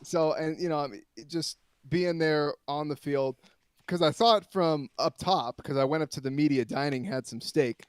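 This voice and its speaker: Male sports reporter, fairly high voice, dry close sound; chatty and rambling, tells stories with lots of fillers. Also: moderate pace, smooth, no echo. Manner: rambling, animated storyteller with many fillers and restarts. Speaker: sports reporter calling in as a guest. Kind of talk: casual sports talk, storytelling.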